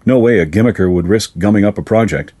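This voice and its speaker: A man voicing a gruff, clipped young street runner in a storybook reading. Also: lowish voice, fast, dark tone.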